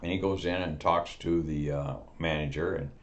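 A man in his seventies telling a long joke in a relaxed, folksy, rambling way. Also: extremely low pitch, normal speed. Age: 70s. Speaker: storyteller. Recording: dull lo-fi recording.

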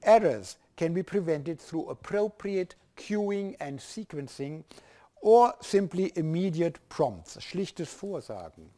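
A man's voice: a little high, slow pace, warm tone. An older man with a German accent giving a university lecture, hesitant, with many restarts and fillers.

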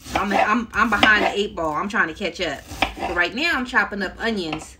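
Brief: middle-aged woman, casual kitchen livestream host, talkative, loud chopping and clatter behind her. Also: mid-range voice, fairly quick, heavy background noise. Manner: chatty, talks to viewers while chopping, laughs often. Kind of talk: casual cooking livestream chat. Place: home kitchen.

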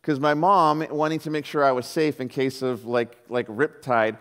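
A man's voice: mid-range voice, moderate pace, smooth, big-room sound. A man from Southern California preaching a sermon as pastor, telling stories animatedly and acting out the voices in them. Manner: animated storyteller, acts out quoted voices, many "like"s.

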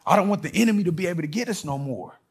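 A husky, fairly high-voiced middle-aged man preaching a sermon. He tells stories, acts out voices, and swings between loud declarations and hushed asides. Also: expressive, rapid-fire. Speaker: pastor.

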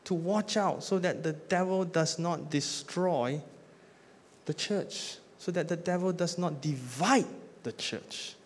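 A man's voice: on the high side, slow, slight background noise. A man preaching a sermon in a slightly raised voice, his words trailing into the long reverb of a church hall. He builds lists with rising force, then drops to a near-whisper at the close of each point. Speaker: pastor.

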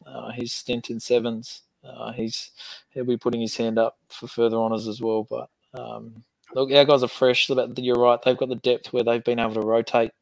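A man, a rugby coach guest on a video call, answering questions with many pauses and fillers. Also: mid-range voice, flat delivery, vocal fry, dry recording, rough recording. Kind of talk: interview answers.

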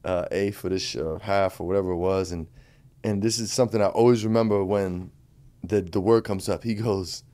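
Host, adult man, casual, enthusiastic, slang-heavy, lower pitch. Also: fairly even intonation, normal speed, mellow. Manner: hyped, slangy, frequent profanity and "you feel me". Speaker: podcast host. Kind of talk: casual chat.

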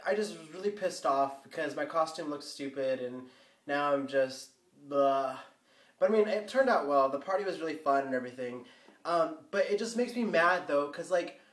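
A teenage boy vlogging a casual rant, rambling and filling every pause with "like" and "um". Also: fairly high pitch. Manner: rambling, full of "like" and "um". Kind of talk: casual ranting vlog. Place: bathroom floor. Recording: echoey bathroom, mic at a distance.

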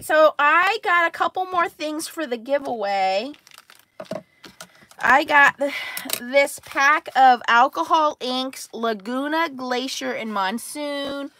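Bright, excitable woman telling a story. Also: on the high side. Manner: animated, laughing, quick to act out quotes. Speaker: crafting livestream host. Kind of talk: casual storytelling chat.

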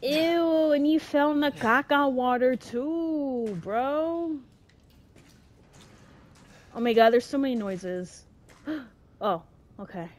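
A woman's voice: sits high, slow, long pauses. Profane, jumpy woman gamer. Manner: swearing, dramatic, easily scared. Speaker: let's play gamer. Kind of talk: horror game commentary.

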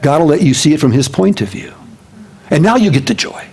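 A man, a senior pastor, preaching a sermon and acting out the voices of the people he talks about, dropping low and quiet for prayers. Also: animated, brisk, slightly rough.

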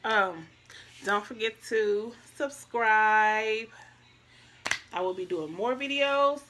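Woman in her twenties, vlogger, bright tone, soft and reflective casual storytelling straight to camera. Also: mid-range voice, slow pace. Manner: soft-spoken, reflective, talks straight to viewers.

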